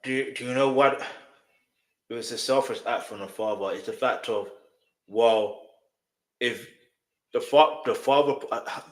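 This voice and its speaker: A man's voice: mid-range voice, measured pace, long pauses. A man hosting a reaction video, commenting emphatically and repeating his points to viewers. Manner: emphatic, repeats himself, speaks straight to viewers. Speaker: reaction host. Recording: roomy echo.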